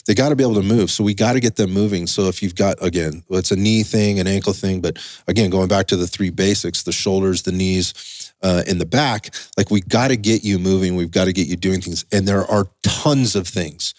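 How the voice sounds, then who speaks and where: A man's voice: low voice, steady tone, a little fast, darkish tone, no room sound, studio quality. A man hosting a casual podcast chat as a strength coach, talking emphatically with frequent restarts and rambling asides.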